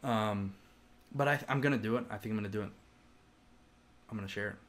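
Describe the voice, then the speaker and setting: A man's voice: lowish voice, brisk. A man co-hosting a podcast, rambling in casual chat, swearing freely and laughing often. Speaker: podcast co-host.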